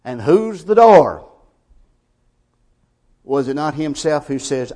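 Male preacher, emphatic, loud and soft by turns, slightly high voice. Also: big pitch swings, takes it slowly, pauses often. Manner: emphatic, with swings from quiet to loud. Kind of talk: sermon.

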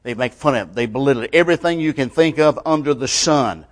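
A fast-talking man with a medium pitch preaches a sermon in plain, colloquial grammar. His delivery swings from loud and emphatic to hushed, almost whispered lines.

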